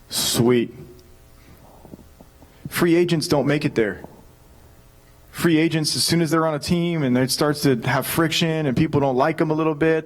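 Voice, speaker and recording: A man in his thirties preaching a sermon, telling a personal story in an energetic, joking way. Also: a little high. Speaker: pastor.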